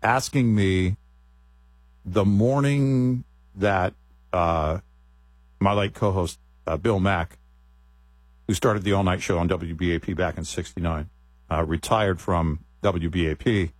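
A man's voice: low-pitched, fairly even intonation, measured pace, no echo. A middle-aged man, a radio co-host, chatting casually with wry joking asides.

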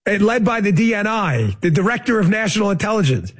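High-voiced combative male talk host. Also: big pitch swings, quick pace, breathy edge. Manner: combative, sarcastic, rising to heated outbursts. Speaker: political talk show host. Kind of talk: opinionated political commentary.

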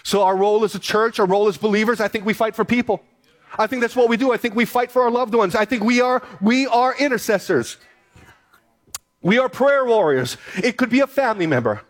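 A pastor preaching a sermon, reading scripture aloud and pressing points with earnest, repeated phrases. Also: male voice, high voice, brisk.

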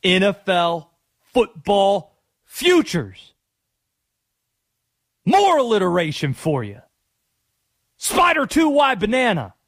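A man's voice: high-pitched, wildly swooping pitch, slow, long pauses, fairly bright tone, no room sound, clean studio sound, exaggerated voice. A man putting on a hyped football coach impression, tossing out alliterative catchphrases. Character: gravelly excited male football coach impression.

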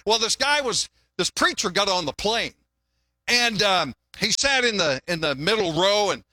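A man's voice: high-pitched, lively intonation, normal speed, sharp tone, no echo, clean studio sound. An older man preaching a sermon in a folksy, conversational way, often restarting his words and mixing in jokes. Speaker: pastor.

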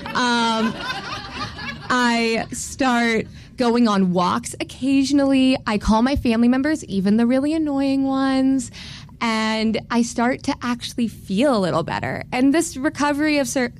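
A young woman tells a personal story to an audience, candid and self-mocking, with a few laughs along the way. Her voice sits a little high. Faint ambience hums behind her. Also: unhurried, a little hiss or hum.

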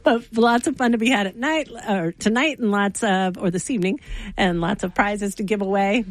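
A woman's voice: medium pitch, moderate pace, no room sound. Woman, radio host, bubbly, laughs often, casual on-air chat, studio.

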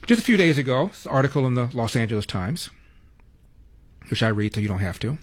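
Wry husky-voiced male radio host. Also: medium pitch, big pitch swings, fairly quick, pauses often. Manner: wry, sardonic asides. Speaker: radio talk show host. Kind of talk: talk radio monologue. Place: radio studio.

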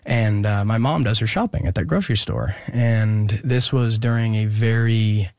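A young man telling a personal story in an interview, halting and earnest with many pauses and restarts. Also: fairly low pitch, darkish tone, no echo, studio quality. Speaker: guest musician.

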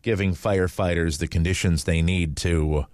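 A man's voice: low-pitched, steady tone, moderate pace, a little mellow, no echo, clean studio sound. A man hosting a casual morning radio show, rambling with fillers and restarts. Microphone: studio microphone.

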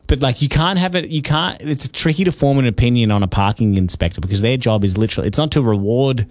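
A man's voice: medium pitch, fast, no echo. A man with an Australian accent hosting a radio show, casual and jokey, laughing often. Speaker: radio host. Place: radio studio.

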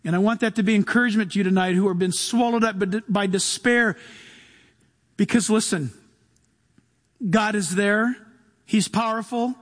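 A man preaching a sermon as a pastor, animated, swinging from loud bursts to soft hushed asides. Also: high voice, normal speed, long pauses. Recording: long reverb of a large hall.

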